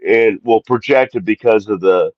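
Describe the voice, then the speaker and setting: A man's voice: on the low side, unhurried, no room sound, muffled recording. A man co-hosting a podcast in casual sports chat, rambling and correcting himself with exasperated asides. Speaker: podcast co-host.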